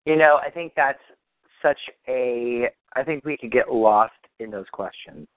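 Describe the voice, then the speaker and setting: A man's voice: mid-range voice, unhurried, no room sound. A man leading a practitioner call, talking in a meandering, reassuring way and often repeating himself. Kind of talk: casual coaching talk. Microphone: phone or call line. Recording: phone-like dry line.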